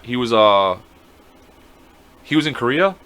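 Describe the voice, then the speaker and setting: A man's voice: medium pitch, lively intonation, unhurried, bright, forceful tone, clean tone. A man co-hosting a podcast, telling a story in casual chat, acting out quotes and swearing freely. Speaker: podcast co-host.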